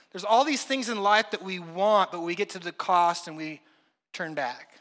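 Bright high-voiced preacher in a reverberant hall. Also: male voice, moderate pace. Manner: reads scripture then preaches conversationally, acting out everyday voices. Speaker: pastor. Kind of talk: sermon.

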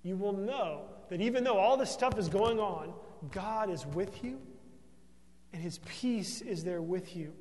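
A man's voice: sits high, unhurried, darkish tone, big-room sound. A man preaching a sermon as pastor, earnest and emphatic, often tossing in a questioning "right?" to the congregation.

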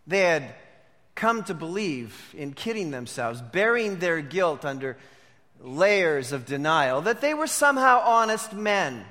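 A pastor preaching a sermon, moving between hushed reflection and emphatic declarations. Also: male voice, a little high, big pitch swings, a little slow, big-room sound.

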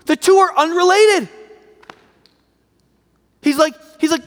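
A man's voice: extremely high pitch, takes it slowly, pauses often, a bit bright, in a large hall. A man preaching a sermon in a conversational, emphatic way, often checking in with "right?".

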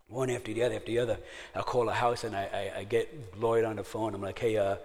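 A middle-aged man telling a personal testimony in a sermon, laughing at himself and then going hushed and prayerful. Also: on the low side, level tone, brisk. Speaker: speaker sharing a testimony. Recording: long hall reverb.

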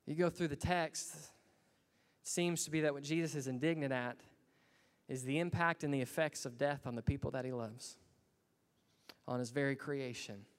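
A man's voice: mid-range voice, moderate pace, long pauses, clean tone. Earnest man preaching in a reverberant hall. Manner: earnest, rising to emphatic bursts. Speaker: pastor. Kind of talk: sermon.

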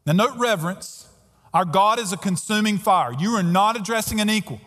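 A man's voice: high voice, lively intonation, fairly quick, a bit bright. A pastor preaching a sermon earnestly and emphatically, often repeating his words as he goes. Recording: long hall reverb.

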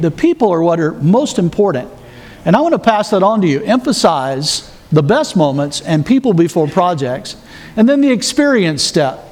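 A man's voice: high voice, a little mellow. A man preaching a sermon, walking the congregation through numbered points with earnest rhetorical questions. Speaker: pastor.

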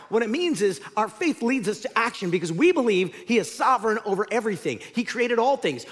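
A man preaching a sermon as pastor, swinging from loud emphatic lines to hushed ones. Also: extremely high pitch. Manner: animated, dramatic swings between loud and hushed. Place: church sanctuary. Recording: reverberant church hall.

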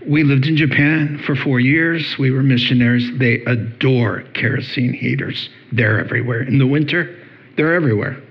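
A man's voice: mid-range voice, moderate pace, few pauses, breathy edge, lo-fi sound. A middle-aged male pastor preaching a sermon, telling stories with humor and acting out little voices. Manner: animated storytelling, acts out voices with playful humor.

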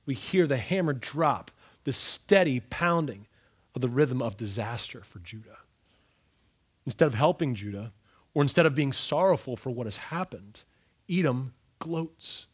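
A man preaching an expository sermon, dramatic and animated, acting out the scripture with sudden raised outbursts. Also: medium pitch, unhurried, slightly rough.

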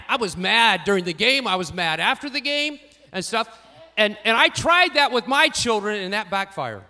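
A man preaching a sermon, telling personal stories and swinging from quiet asides to louder emphatic lines. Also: very high voice. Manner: storytelling, varies loudness widely, rising for emphasis. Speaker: pastor.

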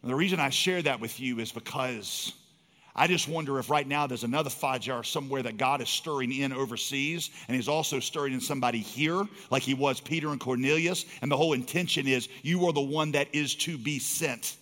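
A man's voice: medium pitch, brisk, a bit bright. A man preaching a sermon, telling a story earnestly and building to emphatic urgency. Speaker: pastor. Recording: long hall reverb.

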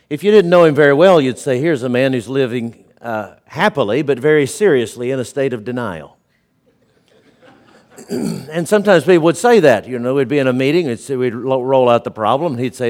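A man preaching a sermon as a pastor, earnest and storytelling, often dropping to a quiet, low voice. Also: expressive, brisk.

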